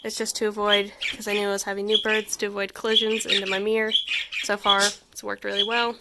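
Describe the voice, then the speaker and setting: A woman's voice: mid-range voice, little pitch movement, fast talker, heavy background noise. A woman chatting casually in a home vlog about her pets, rambling and giggling, cooing at the animals. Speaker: pet vlogger. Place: home pet room.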